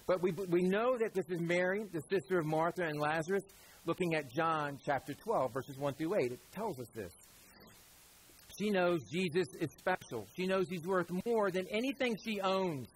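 A preacher with a high, husky voice delivers a relaxed, conversational sermon. He talks straight to the congregation and tosses in quick asides. He slips into little acted voices when he quotes people. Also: low-quality recording. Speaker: pastor.

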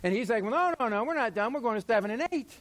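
A middle-aged male pastor preaching with a noticeably high voice. He is animated and conversational, slips into quick acted-out voices, and jokes at his own expense. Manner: animated, acts out quoted voices, self-deprecating humor. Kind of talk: sermon.

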